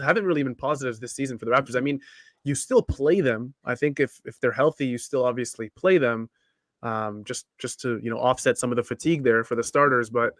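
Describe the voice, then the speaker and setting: A man's voice: medium pitch, no room sound, studio quality. A tired man co-hosting a live basketball show, chatting casually in a rambling, joking way. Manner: rambling, self-deprecating joking. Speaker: basketball podcast co-host. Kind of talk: casual live-stream chat.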